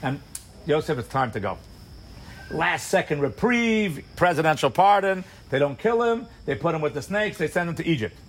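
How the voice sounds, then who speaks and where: Fast-talking animated Torah teacher, man. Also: on the high side. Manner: fast, animated storytelling with rhetorical questions and acted asides. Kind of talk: sermon-style Torah class.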